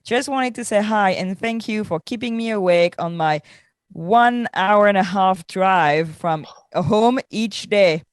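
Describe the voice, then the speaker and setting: A woman's voice: mid-range voice, unhurried, clean tone, no echo, studio quality. A woman with a French accent co-hosting a podcast, chatting in a loose, laughing way with many fillers; she sounds tired. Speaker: podcast co-host. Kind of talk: casual podcast chat.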